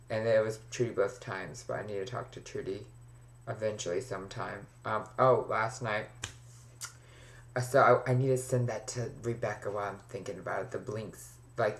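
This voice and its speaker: A man's voice: lowish voice, a bit bright, slight background noise. Rambling young man's video diary. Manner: rambling, chatty, drops into near whispers. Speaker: vlogger.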